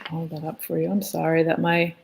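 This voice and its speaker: A woman's voice: deep voice, little pitch movement, fairly quick, vocal fry, a little mellow. A woman teaching a live online drawing lesson in a chatty, playful way, talking as she draws. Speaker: art teacher. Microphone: phone.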